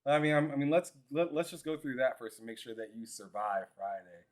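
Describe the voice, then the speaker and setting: A man co-hosting a casual gaming podcast, teasing his friend with halting restarts and frequent laughs. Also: mid-range voice, expressive. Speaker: podcast co-host. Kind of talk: casual trash talk with a friend.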